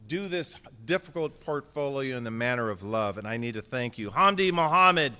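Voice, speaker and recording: A man's voice: mid-range voice, animated, moderate pace, pushed and bright, clear, resonant tone. A man, an outgoing mayor, giving a joking, affectionate and slightly emotional farewell speech at an indoor press conference, thanking people by name. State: a little emotional. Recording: echoey hall with crowd murmur.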